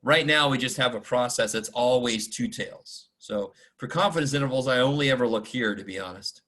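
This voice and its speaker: Speaking a little fast with a slightly bright, medium-pitched tone, this man is a math instructor giving a casual statistics lecture online. He's informal and pokes fun at himself, muttering asides and mild curses into his video call microphone.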